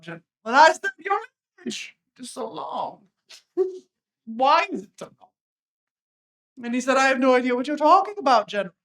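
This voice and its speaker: A woman's voice: high-pitched, a bit bright. A woman improvising a self-important, boastful military general at a live tabletop game, haughty and given to giggles. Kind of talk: live improvised character play. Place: convention stage before a live audience.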